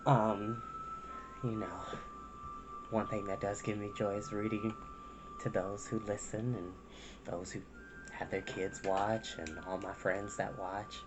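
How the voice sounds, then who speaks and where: A man hosting a storytime channel, talking candidly and emotionally to his viewers, soft-spoken and close to tears, with many pauses. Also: fairly low pitch, flat delivery, over music. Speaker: storytime reader. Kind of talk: candid personal talk to viewers.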